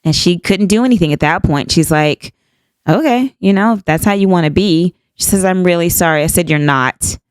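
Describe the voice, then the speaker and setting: A woman's voice: fairly low pitch, fairly quick, a little mellow, dry recording. A woman in her fifties, a podcast host, candidly retelling a personal story and acting out both sides of the dialogue. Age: 50s.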